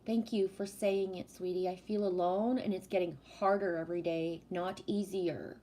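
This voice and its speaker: A woman's voice: lowish voice, fairly even intonation, moderate pace, dark tone. A woman hosting a casual livestream, projecting her voice and affectionately calling viewers sweetie as she reads their comments. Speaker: livestream host reading chat. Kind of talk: casual live-stream chat with viewers.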